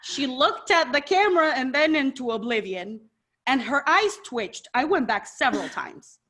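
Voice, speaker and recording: A woman co-hosting a casual wrestling podcast, animated and playful, jumping between sighs and excited outbursts. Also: sits high, moderate pace. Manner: animated, playful, swings into mock voices. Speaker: podcast co-host. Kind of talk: casual chat.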